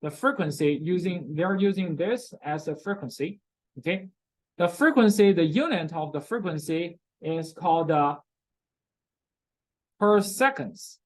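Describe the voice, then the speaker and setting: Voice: mid-range voice, poor audio. A chemistry lecturer in a recorded class, repeating key terms, checking in often with "okay?", and speaking with non-native grammar.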